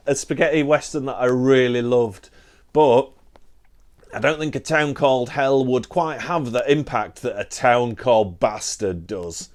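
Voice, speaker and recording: Slow-talking chatty British man. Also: mid-range voice, a little mellow. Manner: chatty, self-deprecating, rambling with restarts. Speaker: book collector vlogger. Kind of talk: casual chat to camera.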